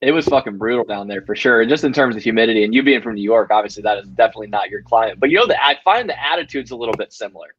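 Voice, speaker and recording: Fast-talking Southern man host. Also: on the low side, lively intonation, fairly bright tone, slightly rough, dull audio. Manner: quick, laughing, easygoing. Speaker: podcast host. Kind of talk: casual chat.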